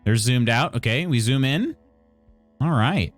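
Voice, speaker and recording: A man streams a game live, reading the on-screen tutorial aloud and tossing playful, wry jokes to his chat. His pitch swings up and down a lot as he talks, and faint music plays underneath. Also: lively intonation, measured pace, no echo.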